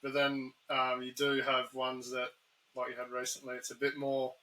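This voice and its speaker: A man with an Australian accent hosting a casual chat, easygoing and hesitant, often filling pauses with "um". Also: medium pitch, monotone, pushed and bright, slight background noise, rough recording. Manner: easygoing, hesitant, many ums. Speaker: podcast host.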